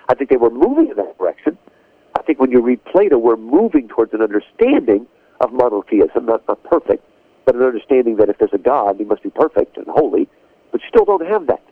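A man talks as a radio guest over a narrow, phone-like line that sounds close and dry. His pitch leaps and falls with lively, emphatic stresses as he explains at length. The manner is earnest and lecturing. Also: no echo. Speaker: guest speaker. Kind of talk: radio interview, lecturing on literature and theology.

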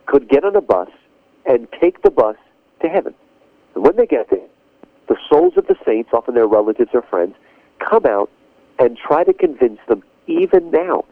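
A man talks as a radio guest over a narrow, phone-like line that sounds close and dry. His pitch leaps and falls with lively, emphatic stresses as he explains at length. The manner is earnest and lecturing. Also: dry recording. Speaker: guest speaker. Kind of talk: radio interview, lecturing on literature and theology.

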